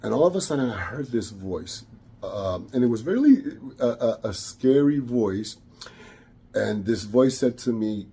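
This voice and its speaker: A man tells a personal spiritual story in a mellow, husky voice. He stumbles and repeats words as he goes and slips Spanish phrases in among the English. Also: mid-range voice, animated, measured pace. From Caribbean. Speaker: spiritual practitioner.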